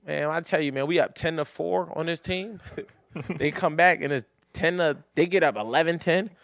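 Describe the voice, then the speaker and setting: High-voiced animated man telling stories. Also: moderate pace, gravelly, dry recording. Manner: animated storyteller, swears freely, laughs loudly. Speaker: podcast co-host. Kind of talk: casual chat.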